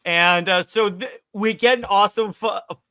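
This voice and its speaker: A man co-hosting a casual movie discussion, excitedly retelling scenes with lots of stumbling restarts. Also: high-pitched, measured pace, clear, resonant tone. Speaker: podcast co-host.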